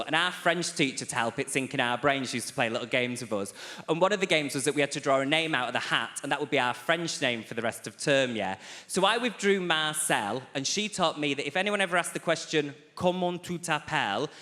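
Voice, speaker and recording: A man's voice: mid-range voice, lively intonation, a little fast, sharp tone. A man performing a stand-up comedy set, chatty and confiding, teasing audience members by name. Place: large theatre stage. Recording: echoey theatre, faint audience noise.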